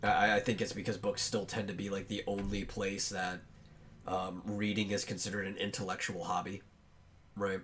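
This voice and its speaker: A man hosting a casual podcast, thinking aloud as he talks, with many pauses and fillers. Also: low-pitched, level tone, fairly bright tone, a little hiss or hum. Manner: chews on bread while talking. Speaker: podcast host.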